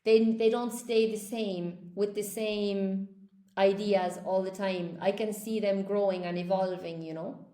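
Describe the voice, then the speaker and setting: A woman's voice: medium pitch, steady tone, unhurried, dark tone, roomy sound. A woman teaching English on a live stream, chatting with viewers and cheering them on in an upbeat way. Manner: upbeat, encouraging, reads chat aloud.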